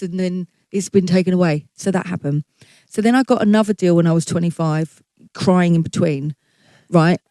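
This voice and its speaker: A woman's voice: lowish voice, normal speed, mellow, no room sound. A middle-aged woman, a guest singer, telling her career story in a candid, chatty way, swearing freely and acting out her past thoughts.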